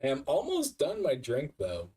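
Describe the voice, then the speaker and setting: A man's voice: mid-range voice, huge pitch swings, normal speed, mellow, slightly rough, far from the mic. A drunk man who keeps hiccuping, chatting casually on a live stream, swearing a lot and laughing at himself.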